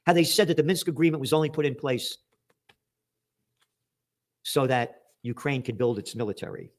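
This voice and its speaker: This man speaks at medium pitch and a moderate pace, delivering angry, sarcastic news commentary. He reads headlines aloud, then mocks them with profanity.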